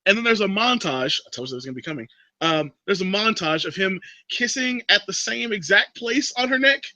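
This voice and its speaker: A man hosting a casual chat, recapping a film plot as an animated storyteller. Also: fairly quick, dry recording, low-quality recording. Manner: animated storyteller, drops into a creepy low voice for quotes. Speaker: podcast host recapping a movie.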